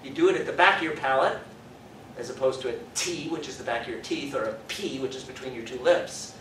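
A man's voice: mid-range voice, fairly quick, a bit bright, slight background noise. A man giving a university lecture, explaining step by step, thinking aloud and demonstrating vowel sounds. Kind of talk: classroom lecture. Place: lecture hall. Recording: echoey lecture hall from far off.

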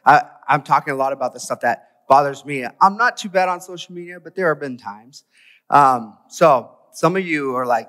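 A man giving a conversational church sermon, animated and full of rhetorical questions. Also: on the high side, normal speed, in a large hall. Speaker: preacher. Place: church sanctuary.

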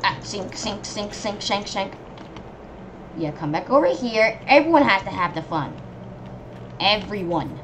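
A woman giving casual, rambling commentary on her gameplay, reacting excitably and yelping when enemies swarm her. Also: medium pitch, measured pace, pauses often, a little hiss or hum. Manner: excitable, yelps and shrieks at enemies; rambling running reactions to the game. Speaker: gamer.

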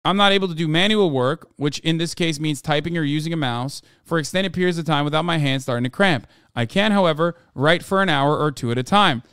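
Guy putting on a nordic accent, earnest icelandic man reading a letter, steady and plain, dry close sound. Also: on the high side, brisk, few pauses, smooth, no echo, close to an everyday voice. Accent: put-on Nordic.

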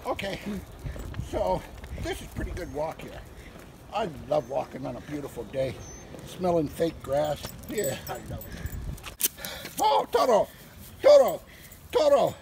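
A man voicing an excitable, crude male dog who rambles and gets distracted by smells on a walk, recorded outdoors from a distance with loud background noise. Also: a little high, measured pace, vocal fry, long pauses. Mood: giddy. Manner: giddy, rambling, distractible sniffing talk.

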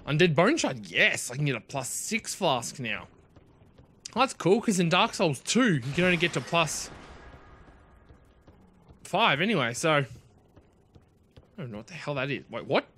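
A bright-voiced man chats his way through a video game, excitable and quick to exclaim. His voice sits a little high and swings widely in pitch. He talks to himself and to his viewers as he plays. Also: a little hiss or hum. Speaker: let's play host. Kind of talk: casual gameplay commentary.

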